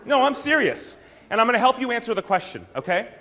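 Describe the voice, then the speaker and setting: A man's voice: very high-pitched, very animated, fast talker, bright, forceful tone. A man from the United States giving an emphatic keynote talk to a room, firing rhetorical questions and theatrical asides at the audience. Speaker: brand strategist, speaker.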